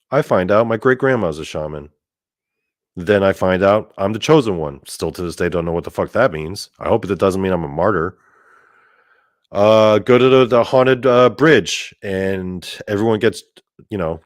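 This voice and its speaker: A man telling a story in a casual monologue, animated and profane, with lots of "like" fillers. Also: sits low, no echo, studio quality. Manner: animated and profane, heavy use of "like". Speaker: storyteller host.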